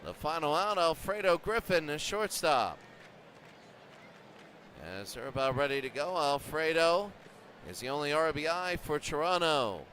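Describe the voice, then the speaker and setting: A man's voice: a little high, lively intonation, unhurried, long pauses, fairly bright tone, slight background noise. A man doing casual play-by-play and recaps of a simulated baseball league, rambling and repeating himself as he goes. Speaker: video game commentator.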